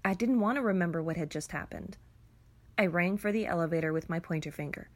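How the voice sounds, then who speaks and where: A woman reads a first-person story aloud in a somber, reflective manner. Her voice sits somewhat low. The reading is steady and measured. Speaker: narrator.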